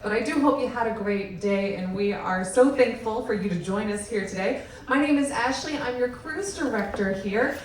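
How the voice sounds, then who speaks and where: A woman's voice: mid-range voice, slight background noise. A woman emceeing a live panel from a distant mic in a very echoey venue. She is upbeat and welcoming. Faint room ambience sits under her voice. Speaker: cruise director, panel host. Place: onboard event venue with audience. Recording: echoey hall from far off.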